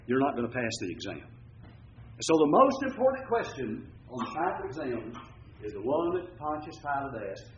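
Older male preacher, emphatic sermon delivery with big pitch swings, slightly dull church recording. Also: big pitch swings, moderate pace. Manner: emphatic preaching, swinging from loud declarations to low asides.

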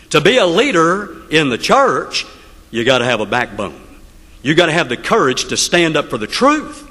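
A man's voice: on the high side, sharp tone, slightly rough. A man preaching a sermon, telling the story dramatically and putting rhetorical questions to the congregation. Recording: long hall reverb.

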